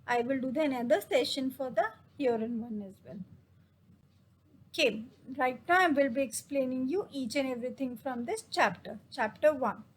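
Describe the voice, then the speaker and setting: A woman teaching a casual German lesson in English, reading German phrases slowly and explaining each one. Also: high voice, a little hiss or hum, low-quality recording.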